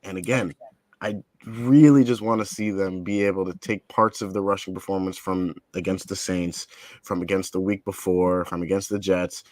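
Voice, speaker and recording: A man co-hosting a sports podcast, talking in a measured, steady way about the team's season. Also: low voice, no echo. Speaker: podcast co-host. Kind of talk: casual sports talk.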